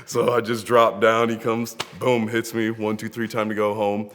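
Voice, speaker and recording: Grieving, a young wrestler sits before a camera indoors and shares rambling, heartfelt memories of a late friend, laughing frequently. The lowish voice is monotone and a bit bright at a moderate pace, with the camera mic giving a big-room sound.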